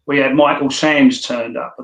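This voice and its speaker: A man's voice: mid-range voice, steady tone, normal speed, fairly bright tone. A man, a podcast guest, telling blunt, swearing anecdotes in casual storytelling. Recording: roomy echo.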